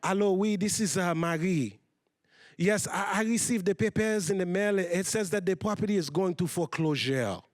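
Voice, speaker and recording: A woman's voice: fairly high pitch, expressive, no echo, studio quality, lightly acted. A man doing his worried mother with an accent. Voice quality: strong put-on accent. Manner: halting, repeating words when stressed. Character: immigrant mother, anxious but stubborn, strong accent.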